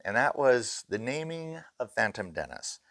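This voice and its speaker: Gravelly man telling ghost stories. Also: medium pitch, moderate pace, no room sound, studio quality. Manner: animated, acts out quoted voices. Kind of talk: casual storytelling.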